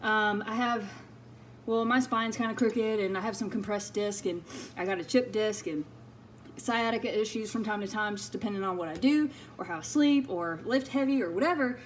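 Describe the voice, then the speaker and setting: Brief: chatty female fitness vlogger with a slightly raised pitch, recorded with clear background noise. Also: normal speed, a bit bright. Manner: rambling and chatty, many fillers. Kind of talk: casual vlog talk.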